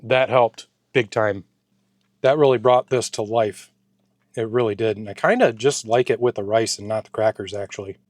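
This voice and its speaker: With a lowish voice at normal speed, this man records studio-quality audio free of room sound. He's a food reviewer casually tasting a ration pack in his home garage for a vlog, talking excitedly and sometimes with food in his mouth.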